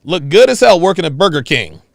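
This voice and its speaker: Man reacting to a clip, gravelly voice, very lively pitch, dry close sound, mocking outbursts. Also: a little fast, no echo. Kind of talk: reaction commentary.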